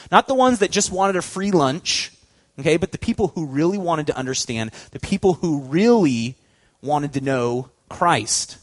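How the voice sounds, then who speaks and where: A middle-aged man preaching a lively sermon, telling stories with acted-out voices and laughing at himself. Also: fairly high pitch, dry recording. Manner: animated storytelling, acts out voices, laughs at himself. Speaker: pastor.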